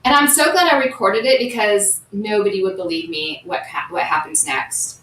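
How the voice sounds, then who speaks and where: A woman co-host telling a story in casual chat, animated as she goes. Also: medium pitch, normal speed, distant mic. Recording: echoey room, faint noise, off-mic.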